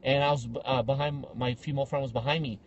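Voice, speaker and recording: A man hosting a podcast, casually telling animated stories and acting out the people in them. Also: medium pitch, fast, breathy edge, muffled recording. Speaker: podcast host. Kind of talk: casual storytelling chat.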